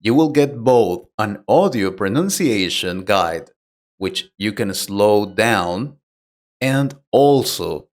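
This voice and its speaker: A man teaching a pronunciation lesson, explaining plainly and patiently and putting direct questions to the learner. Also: on the low side. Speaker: English teacher. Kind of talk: slow, deliberate English lesson.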